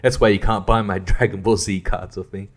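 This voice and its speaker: Host, lowish voice, rambling solo chat, swears a lot, easily exasperated. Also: male voice, fairly even intonation, a little fast. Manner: profane, exasperated ranting. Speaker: podcast host. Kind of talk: rambling casual monologue.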